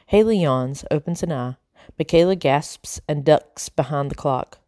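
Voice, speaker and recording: Low-voiced woman reading a storybook. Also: a little slow, dark tone, no echo, studio quality. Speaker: audiobook narrator. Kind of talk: storybook narration.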